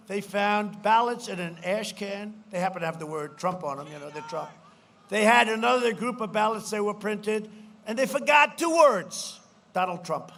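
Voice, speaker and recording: A man giving a campaign rally speech at a podium microphone. He rambles and repeats himself, mimics his opponents mockingly, and breaks into shouted punchlines. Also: high voice, a little hiss or hum. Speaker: politician addressing a rally. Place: large political rally.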